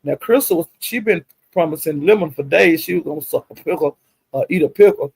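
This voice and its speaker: A man's voice: on the high side, brisk, gravelly, darkish tone, husky, dry recording, poor audio. A man talking casually to a livestream chat, gossiping in a drawling, chatty way and speaking to viewers directly. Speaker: commentator recapping livestream drama.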